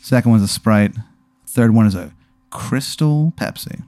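A man's voice: lowish voice, animated, unhurried, warm tone, no room sound, clean studio sound. A man casually telling an improvised hypothetical story, in a laid-back way with lots of fillers.

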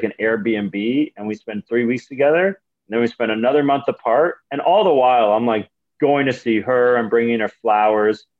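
A man's voice: mid-range voice, lo-fi sound. A young man, a comedian telling rambling, profane stories in a casual podcast chat. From Canada. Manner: rambling, profane, animated storytelling. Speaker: comedian guest.

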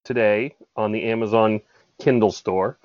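A man's voice: lowish voice, steady tone, measured pace, darkish tone, no echo, dull audio. A man in his thirties co-hosting a casual podcast, chatty and jokey, stumbling now and then as he reads aloud. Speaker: podcast co-host.

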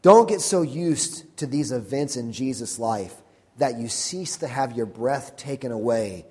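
A man's voice: mid-range voice, lively intonation, unhurried, warm tone. Preaching man in an echoing hall. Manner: emphatic preaching with repeated phrases. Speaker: pastor. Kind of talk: sermon. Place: church sanctuary.

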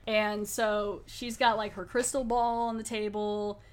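A woman's voice: medium pitch, level tone, measured pace. Woman podcast host just chatting, rambly, laughs a lot. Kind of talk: casual chat.

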